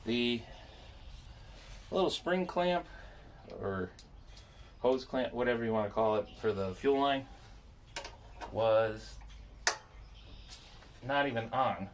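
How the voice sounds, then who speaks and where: An expressive man of medium pitch speaks slowly, often pausing, as he fixes a machine for his landscaping business. He chats to himself in a rambling, self-deprecating way, with a little hiss or hum in the recording.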